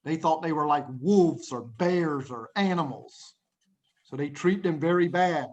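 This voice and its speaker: An animated middle-aged male teacher telling a dramatic story to a class over a video call. His voice sits fairly high for a man, and he leans into the drama, often chuckling. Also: a little slow, highs cut off. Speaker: English teacher. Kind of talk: storytelling lesson to children.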